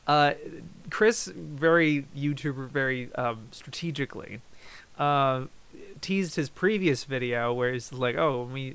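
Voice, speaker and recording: A man's voice: mid-range voice, a bit bright, smooth. A man hosting a casual review show, talking loosely with many fillers and restarts. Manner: rambling, lots of fillers and restarts. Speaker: host reviewing YouTube videos. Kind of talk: casual chat.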